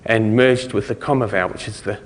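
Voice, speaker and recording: A man's voice: fairly low pitch, steady tone, brisk. A man with a New Zealand accent giving a loose, self-correcting conference talk, chuckling now and then. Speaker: conference speaker. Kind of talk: technical talk on speech recognition. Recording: long hall reverb.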